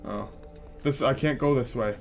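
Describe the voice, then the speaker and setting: A man's voice: medium pitch, normal speed, creaky, soft background music. A man casually commenting while he plays a video game, joking with a co-player. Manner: joking, chatty. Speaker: gameplay commentator. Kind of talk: casual let's play commentary.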